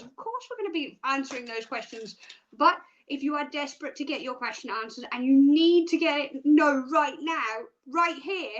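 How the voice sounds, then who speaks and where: Australian woman, young, bubbly live stream host, high voice, bright and sharp. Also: highs cut off. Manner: bubbly and chatty, jokey asides. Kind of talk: upbeat live stream presenting.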